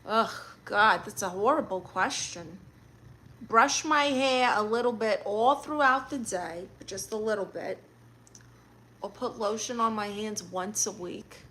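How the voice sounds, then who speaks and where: Bright-voiced Brooklyn woman, sassy. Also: medium pitch, a little slow, slight background noise. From Brooklyn, New York. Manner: sassy, blunt comebacks. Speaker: live streamer. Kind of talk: casual live-stream chat reading comments.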